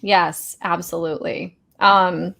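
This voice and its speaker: A woman hosting a casual interview, enthusiastic and quick to affirm her guest. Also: fairly low pitch, fairly even intonation, vocal fry, a bit bright. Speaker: host.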